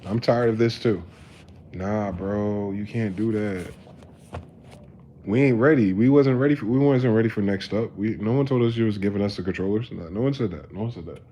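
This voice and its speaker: A man in his thirties giving a rambling, profane live-stream monologue, moving between quiet musing and loud ranting. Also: fairly low pitch, brisk, dull audio, slight background noise.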